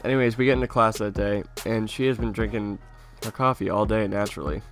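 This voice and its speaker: A man's voice: lowish voice, quick pace, faint music behind. A young man casually telling a funny story from his childhood to his viewers, often laughing and swearing a little as he talks. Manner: laughing through an animated anecdote, casual swearing. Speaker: YouTuber.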